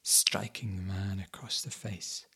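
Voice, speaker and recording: A man telling a folk tale in the first person, dramatic, dropping to whispers and rising to sudden loud bursts. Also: deep voice, fairly even intonation, unhurried, vocal fry, husky. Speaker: storyteller.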